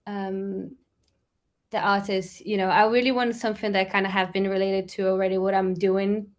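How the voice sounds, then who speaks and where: A woman's voice: mid-range voice, level tone, moderate pace. A woman from Brazil with a Brazilian accent, a musician chatting casually as an interview guest, rambling with lots of fillers.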